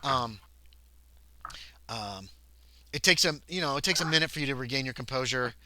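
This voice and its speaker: A man running a tabletop horror game as game master, chatty and loose, now and then shouting out quick character lines. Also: mid-range voice, animated, a little hiss or hum. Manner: chatty, breaks into loud shouted character voices.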